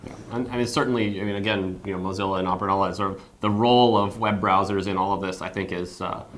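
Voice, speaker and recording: A man's voice: low voice, steady tone, fast talker, a bit bright, a little hiss or hum. A man chatting casually on a tech panel, talking in long, flowing sentences.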